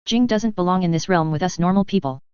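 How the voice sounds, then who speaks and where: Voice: medium pitch, quick pace, darkish tone, clean tone, no echo, lo-fi sound, natural voice. A narrator voicing a cocky young male fighter who mocks and boasts, read plainly. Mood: boastful. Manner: mocking, boastful.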